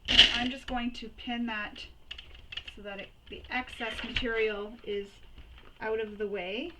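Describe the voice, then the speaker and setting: Chatty woman, fairly high voice, walking through sewing steps at home over audible work noise. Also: fairly even intonation, unhurried. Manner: chatty, repeats and recaps steps. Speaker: sewing tutorial host. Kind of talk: step-by-step sewing tutorial.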